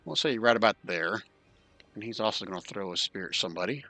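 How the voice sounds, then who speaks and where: A man running an online tabletop game as dungeon master, counting moves aloud and tossing in quick asides. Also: on the low side, lively intonation, bright, forceful tone, dry recording.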